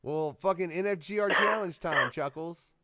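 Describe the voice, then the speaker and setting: A man hosting a radio show, joking loudly and swearing constantly in casual chat. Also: a little high, normal speed, no echo, studio quality. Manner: loud, joking, swears a lot.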